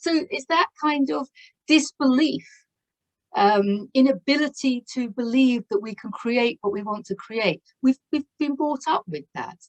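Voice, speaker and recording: A woman's voice: high voice, measured pace, rough recording. A woman giving a spiritual tarot reading to camera, effusive and exclaiming in wonder, laughing often as she talks. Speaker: tarot reader.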